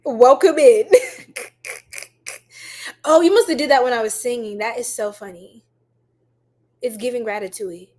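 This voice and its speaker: A woman hosting a casual tarot livestream. Her voice sits a touch high, and she talks slowly. She is chatty and affectionate as she reads viewer comments aloud. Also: a little mellow. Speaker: tarot reader livestream host.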